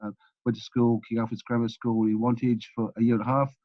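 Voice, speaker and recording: A man's voice: medium pitch, flat delivery, fast talker, no echo, highs cut off. A man in his sixties from England, telling rambling stories about his life as a podcast guest, full of restarts and repeated words. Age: 60s. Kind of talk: casual storytelling interview.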